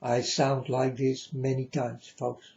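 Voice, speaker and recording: A man's voice: mid-range voice, completely flat delivery, slow pace, gravelly, darkish tone. A man giving a repetitive, insistent preaching monologue to viewers, calling them folks. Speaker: self-styled religious speaker. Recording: dull lo-fi recording.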